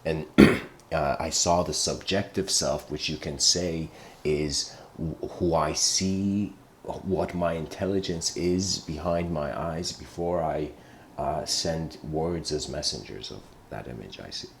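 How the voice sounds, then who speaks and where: A man giving a meandering, livestreamed philosophical lecture, often clearing his throat as he tells a story. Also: extremely low pitch, takes it slowly, a little hiss or hum.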